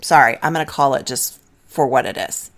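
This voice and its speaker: A woman's voice: a bass voice, brisk. A middle-aged woman, a marriage therapist, giving direct, coaching advice on a podcast and talking listeners through breathing counts.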